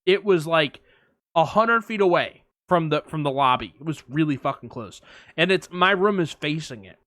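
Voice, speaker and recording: A young man co-hosting a podcast, telling a long story in casual chat, animated, acting out quotes and swearing freely. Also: a little high, normal speed, no room sound. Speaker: podcast co-host.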